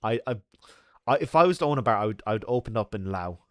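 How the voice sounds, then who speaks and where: A man's voice: lowish voice, lively intonation, fast, a bit bright, no echo, clean studio sound. An Irish man hosting a live stream, reading viewer comments and chatting in a loose, jokey way with lots of laughs and fillers. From Ireland. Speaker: livestream host.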